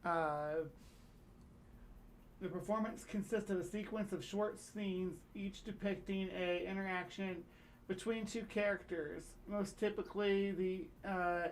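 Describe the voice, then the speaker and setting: Woman, livestream host, casual chat, rambling, mid-pitched. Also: fairly even intonation, unhurried, slight background noise. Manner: chatty, rambling, reading aloud with fillers and restarts.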